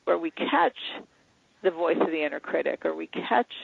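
A man's voice: fairly high pitch, lively intonation, moderate pace, creaky, breathy edge, no room sound. A man being interviewed as an author, explaining in an earnest, teaching way over a phone line. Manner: earnest, teaching, acts out inner dialogues. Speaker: author and guest. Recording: dry tinny phone line.

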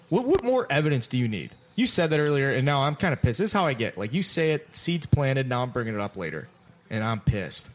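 A man's voice: mid-range voice, sing-song, fairly quick. A man hosting a casual sports podcast, brash and teasing, who swears freely. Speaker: podcast host.

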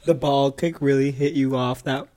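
Young woman co-host, low-pitched, blunt teasing banter. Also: fairly even intonation, normal speed, mellow. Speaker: podcast co-host. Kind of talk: casual chat.

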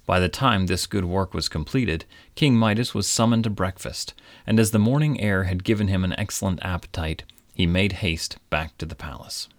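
A man reading a storybook aloud in a measured, old-fashioned, gently wry manner. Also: low voice, no echo. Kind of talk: storybook narration.

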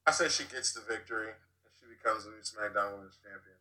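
A man's voice: lowish voice, fast, bright, forceful tone, rough recording. A man co-hosting a casual wrestling podcast, announcing the matches in a hype voice. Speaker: podcast co-host.

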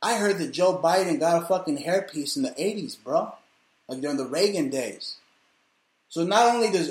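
A male host rambles through a profane comedic rant. His voice sits a little high for a man. The room around him gives the voice a noticeable echo. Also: lively intonation, measured pace, a little mellow. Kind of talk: ranting comedic monologue. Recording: roomy echo.

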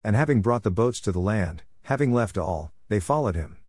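A man with a lowish voice reads scripture aloud. He moves steadily through short phrases at a measured pace. The recording is dry and close. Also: lively intonation, darkish tone, breathy edge, no room sound. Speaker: scripture reader. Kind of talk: scripture reading.

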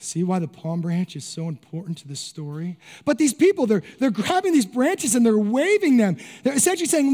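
A man preaching a sermon as pastor, animated, acting out crowd voices and asking rhetorical questions. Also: extremely high pitch, fairly quick, big-room sound.

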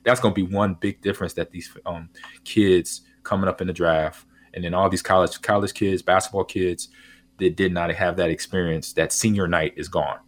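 A man with a very low voice, talking as a guest on a sports radio show. He is laid-back and rambles a bit, with plenty of ums along the way. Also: steady tone, moderate pace. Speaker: guest, former football player.

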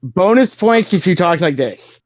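A man's voice: sits high, lively intonation, measured pace, dry recording. A man co-hosting a podcast in playful, laughing banter with friends. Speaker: podcast co-host.

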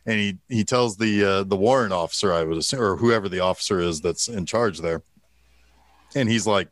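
A man's voice: fairly low pitch, fairly quick, dry recording. A man co-hosting a casual movie talk, retelling scenes with energy, quoting lines in voices and laughing. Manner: swears casually. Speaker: podcast co-host.

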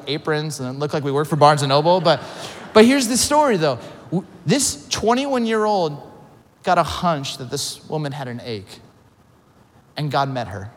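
A male pastor delivering a sermon, telling stories with lively quoted voices and quick self-deprecating asides. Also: a little high. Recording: long reverb of a large hall.

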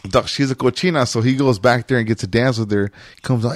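A man's voice: mid-range voice, brisk, hardly any pauses, no echo. Slangy man telling a wild story. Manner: animated, slangy, laughs often, acts out voices. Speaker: former club DJ. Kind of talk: casual podcast storytelling.

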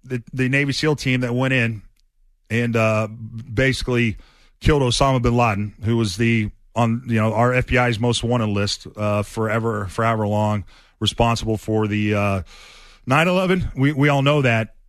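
A man's voice: mid-range voice, fairly even intonation, moderate pace, no echo, clean studio sound. A man hosting a sports radio show, telling stories in a loose, rambling way with many fillers and restarts. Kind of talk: casual sports talk storytelling.

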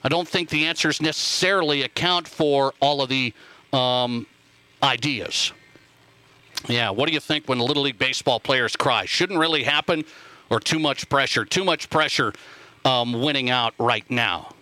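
A man's voice: mid-range voice, moderate pace, sharp tone, no room sound. A man from Montana hosting a sports radio show, talking emphatically, repeating himself and reading listener texts aloud into a studio microphone. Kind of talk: casual call-in radio talk.

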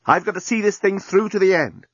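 Eager young journalist in a storybook reading, voiced by the narrator, dry sound. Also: male voice, high voice, a little fast, no echo, voice pushed up. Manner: shouting, eager.

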